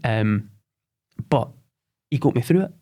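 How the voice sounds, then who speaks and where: This podcast guest, also in his forties, recounts his own story with candor and hesitation, frequently repeating himself and beginning again. His mid-range voice comes across animated and warm.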